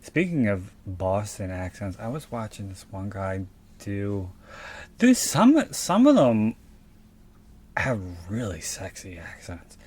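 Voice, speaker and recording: A man's voice: lowish voice, very animated, slow pace, a little mellow, breathy edge. A man with a South Philadelphia accent, co-hosting a casual podcast and rambling through profane asides. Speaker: podcast co-host. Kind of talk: casual chat.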